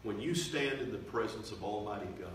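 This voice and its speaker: A man preaching a revival sermon, swelling loud and slow for emphasis, then dropping to quiet, confiding tones. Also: fairly low pitch, a little hiss or hum. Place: church sanctuary. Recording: echoey church from far off.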